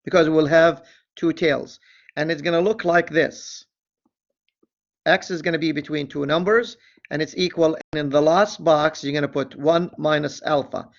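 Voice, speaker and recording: Gravelly-voiced man teaching statistics. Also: fairly high pitch, fairly even intonation, lo-fi sound. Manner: deliberate, reads problem aloud, self-correcting asides. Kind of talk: screen-recorded lecture walkthrough.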